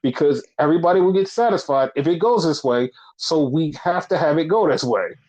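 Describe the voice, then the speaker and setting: A man's voice: fairly high pitch, expressive, fairly quick, a little mellow. A man co-hosting a casual chat, rambling with lots of fillers and acting out quotes. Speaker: podcast co-host. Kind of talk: casual chat recapping wrestling. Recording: slightly dull lo-fi audio.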